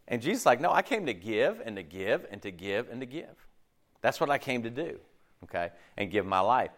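A man preaching a sermon in an animated, conversational way, acting out quick asides. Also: medium pitch. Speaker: pastor.

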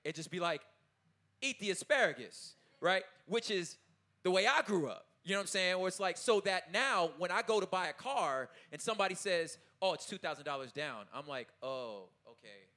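A man in his thirties giving a casual, animated talk to an audience, often checking in with his listeners and laughing as he goes. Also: high-pitched, a little fast. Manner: loose, informal phrasing with laughs. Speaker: artist speaking at a talkback.

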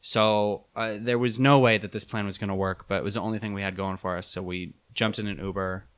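A young man telling a travel story in a casual chat, animated and laughing, with many fillers. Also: lowish voice, fairly quick, smooth.

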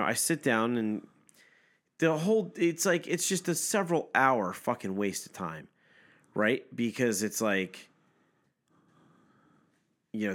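Profane, easygoing male podcast co-host. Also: mid-range voice. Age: adult, parent. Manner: profane, animated storytelling with voiced impressions. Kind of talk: casual chat.

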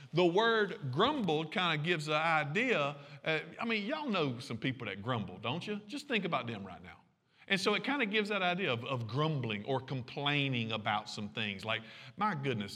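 A pastor preaching in a sermon, his voice fairly high and swinging widely in pitch. He talks conversationally, throwing asides to the congregation. The sound carries a long reverb from a church hall. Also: bright, forceful tone.

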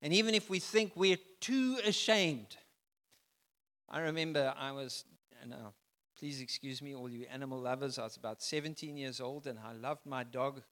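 A man preaching a sermon, emphatic, swinging from loud declarations to soft, quiet phrases. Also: medium pitch, normal speed, in a large hall. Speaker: pastor.

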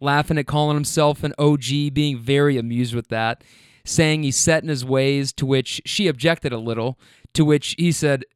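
This is casual storytelling from a rideshare driver, relaxed and full of swearing, spoken straight to the listener. His medium-pitched voice is clean-toned with fairly even intonation at normal speed, and the studio-quality recording has no room sound.

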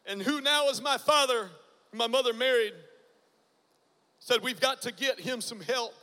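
A man in his forties preaches his testimony with a high, bright voice. He drops to a near hush, then breaks into loud bursts. His voice rings out in a large hall with a long reverb. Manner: dramatic, swings from hushed to loud bursts. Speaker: guest preacher. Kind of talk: testimony sermon.

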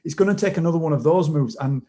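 A man talks through his analysis over a video call, calm and well informed. His voice sits a touch high yet sounds mellow and relaxed. He often starts a phrase over, then lays out his point step by step. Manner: knowledgeable, measured, with frequent restarts. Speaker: podcast co-host and football analyst. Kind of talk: casual chat, detailed analysis.

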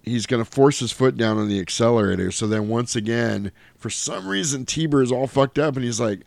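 A man casually recapping a movie in chat, animated and swearing, mimicking the characters' lines in high silly voices. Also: brisk, creaky, few pauses, no echo. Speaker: podcast host recapping a film.

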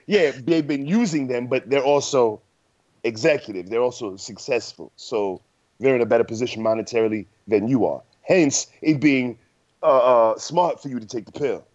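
A man's voice: mid-range voice, normal speed, a little mellow, dry recording. A man co-hosting a podcast in casual banter, reading a news item aloud with stumbles and playful boasting. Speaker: podcast co-host. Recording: muffled lo-fi dry recording.

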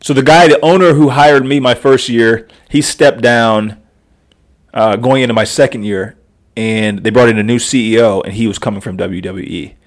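Laughing, animated man telling stories. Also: mid-range voice, normal speed. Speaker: podcast guest. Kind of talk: casual storytelling.

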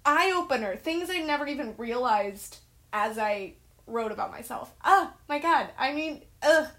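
A woman's voice: sits high, animated, measured pace, fairly bright tone. A young woman talking on a video call from home, earnest and emotional, often laughing at herself. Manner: emotional, earnest, self-deprecating. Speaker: guest, writer and director. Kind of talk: casual video-call chat.

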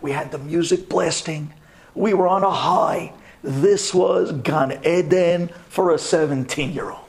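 A man who is a rabbi, telling a personal story to a class in a dramatic storyteller's manner, dropping to a hush at tense moments. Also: fairly high pitch, a little slow, vocal fry. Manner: animated, dramatic storytelling with sudden drops to a hush.

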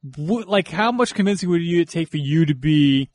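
A man's voice: on the high side, expressive, normal speed, a little mellow. A man co-hosting a casual film commentary podcast, chatty and analytical, breaking into easy laughter. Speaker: podcast co-host.

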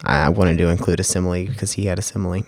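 A man giving a casual spoken writing lesson, rambling and correcting himself with lots of fillers, and reading passages aloud slowly. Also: deep voice, fairly even intonation, gravelly, no echo. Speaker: amateur fiction writer.

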